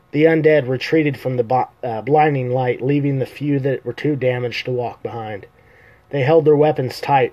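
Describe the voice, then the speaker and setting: A man reads his own fantasy novel aloud on a live stream, stumbling now and then and fixing his words as he goes. His voice is mellow and relaxed, at an ordinary middle pitch. The pace is steady and unforced. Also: low-quality recording. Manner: self-correcting, casual slips. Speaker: author reading his novel. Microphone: computer or phone mic on a live stream.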